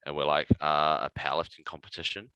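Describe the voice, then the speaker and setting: Casting: very deep, bright-toned New man, casual podcast storyteller, dry close mic. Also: fast talker, clear, resonant tone, no room sound, muffled recording. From New Zealand. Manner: animated anecdote-telling with profanity and laughs. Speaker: podcast guest.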